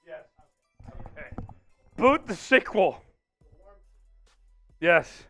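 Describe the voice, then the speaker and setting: A man hosting a casual sports livestream, reading out viewer donations, excitable and laughing often. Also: high-pitched, a little slow, pauses often, clean tone, faint music behind. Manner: excitable, reads out super chats, laughs often. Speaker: livestream host.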